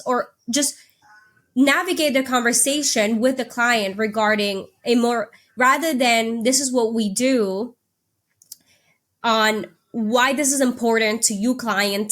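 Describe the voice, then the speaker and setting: A woman's voice: on the high side, fairly bright tone. A woman hosting a podcast interview, affirming her guest and explaining her thoughts with some hesitant restarts. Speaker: podcast host. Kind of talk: interview conversation.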